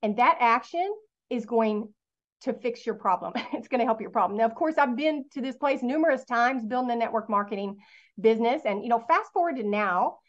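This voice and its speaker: A woman's voice: fairly high pitch, lively intonation, a little fast, lo-fi sound. A middle-aged woman, telling her business story to an audience and asking them questions in a motivational talk. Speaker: network marketing speaker.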